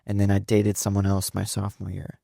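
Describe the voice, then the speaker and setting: A late-teen young man guesting on his parent's podcast chats casually, spinning rambling stories with many fillers and restarts. He speaks fairly quickly in a low, dark voice with vocal fry and a completely flat delivery. Studio quality, dry recording.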